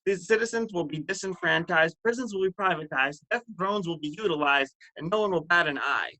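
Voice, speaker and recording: A man's voice: on the high side, a little fast, bright, forceful tone, poor audio. A man performing a spoken word poem at an online open mic, with a rhythmic, building delivery. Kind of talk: spoken word poetry reading.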